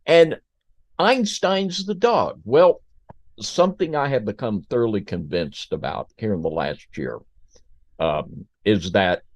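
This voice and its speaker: A man's voice: low-pitched, a little mellow, no room sound. A man co-hosting a podcast, earnestly building an argument step by step. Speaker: podcast co-host. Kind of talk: casual podcast discussion.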